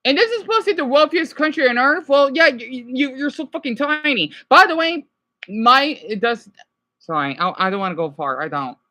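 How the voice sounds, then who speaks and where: A woman's voice: sits high, lively intonation, a little fast, sharp tone. A woman reacting to a video in a profane, rambling rant, often apologizing. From United States. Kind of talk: ranting reaction commentary.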